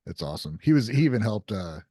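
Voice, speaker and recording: A man with a low, slightly husky voice chats easily as a podcast co-host. He sometimes reads news items aloud in an unhurried tone. The sound is close and dry. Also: sing-song, mellow, no room sound. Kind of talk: casual chat.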